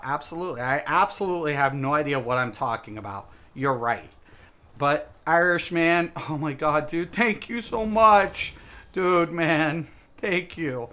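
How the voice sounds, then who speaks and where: A man's voice: on the high side, a little slow, sharp tone. A man streaming a game live, chatting casually with viewers in a rambling, emphatic way, repeating words and saying "dude" a lot. He sounds a little tipsy.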